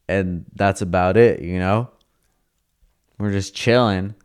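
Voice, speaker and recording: A man's voice: deep voice, takes it slowly, smooth. A young man telling a casual, profane story in slang, acting out the lines of the people in it. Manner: profane, laid-back, slangy, acts out quoted dialogue.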